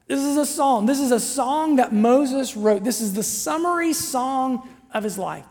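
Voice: sits high, animated, a little slow, darkish tone. A pastor preaching a sermon in a chatty, storytelling way, with frequent asides to the listeners. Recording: long hall reverb.

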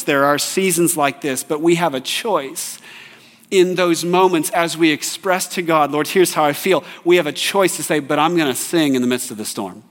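Higher-voiced pastor in an echoing hall. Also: male voice, a bit bright. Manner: conversational, with personal stories. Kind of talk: sermon. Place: church.

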